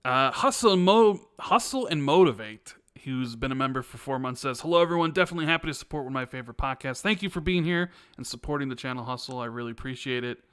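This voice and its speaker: A man co-hosting a casual gaming podcast, relaxed, reading out viewer chat messages. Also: mid-range voice, fast, few pauses, clear, resonant tone, dry recording, studio quality. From United States. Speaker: podcast co-host.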